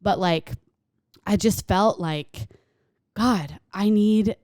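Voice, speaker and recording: A woman's voice: mid-range voice, extremely slow, no echo, clean studio sound. A woman in her twenties co-hosting a podcast, chatting casually and telling stories with lots of "like.". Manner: animated storytelling, frequent "like". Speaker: podcast co-host. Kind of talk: casual chat.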